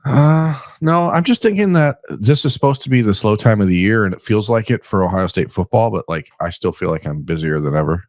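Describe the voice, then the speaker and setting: A man co-hosting a sports podcast in an easygoing, chatty way. His voice is very low, and the recording sounds close and dry. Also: lively intonation, a little fast, few pauses, no room sound. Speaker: podcast co-host. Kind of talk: casual chat.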